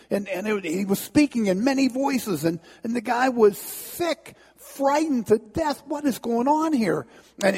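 A man telling a dramatic story as a sermon, halting and restarting as he builds tension. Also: high voice, a little mellow, breathy edge, big-room sound.

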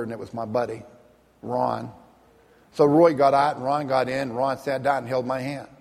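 A minister gives his personal testimony in a gravelly, husky voice, earnest and vivid, stretching out key phrases for weight. His words ring with the long reverb of a large hall. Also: medium pitch, a little mellow. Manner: vivid, earnest storytelling with slowed emphatic phrases.

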